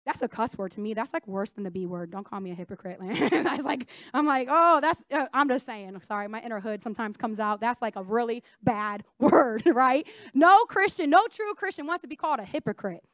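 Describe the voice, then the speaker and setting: Young female preacher, high pitch, dry close-mic sound, emphatic call-and-response sermon delivery. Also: lively intonation, a little fast, few pauses, a bit bright, dry recording.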